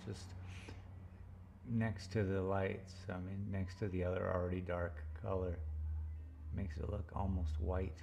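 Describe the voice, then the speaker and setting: Low gravelly-voiced man murmuring while painting. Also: level tone, warm tone. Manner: murmured, unhurried thinking aloud, playful sound effects. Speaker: painter streaming live. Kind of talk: casual talk while painting. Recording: faint background noise.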